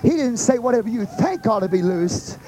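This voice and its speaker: A man with a Texan accent, a pastor teaching a Bible study to a group, preaching with passion that swings between loud and hushed. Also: very high-pitched, lively intonation, normal speed, slight background noise, rough recording. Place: church meeting room with a group.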